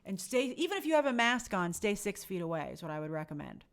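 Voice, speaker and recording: Her voice is mid-range and sing-song, and she speaks fast. This young woman hosts a live stream, chatting casually and cheerfully reading out viewer comments and names.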